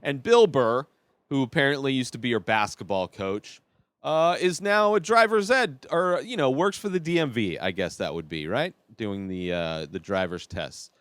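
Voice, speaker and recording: A man's voice: mid-range voice, lively intonation, normal speed, a bit bright, clean tone, dry recording. A man hosting a podcast, chatting casually and giving his opinions as he reviews a TV series. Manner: chatty and opinionated, thinking aloud.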